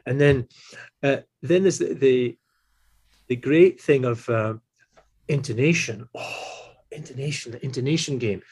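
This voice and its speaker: A man in his sixties, a tuba player and teacher, telling stories in a relaxed, animated way and acting out the voices he quotes. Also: medium pitch, moderate pace, breathy edge. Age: 60s. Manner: animated, acts out quoted voices, chuckles often. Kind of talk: relaxed anecdotal storytelling.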